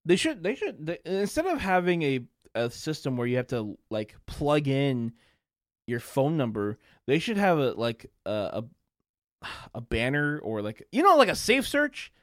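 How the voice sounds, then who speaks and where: A young man hosts a podcast as a casual solo rant, crude and quick to laugh. His pitch swings widely as he acts out the people he quotes, and his voice sits a little high for a man. The sound is close and dry, with no room around it. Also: very animated, dry recording. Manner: ranting, laughing often, crude. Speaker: podcast host.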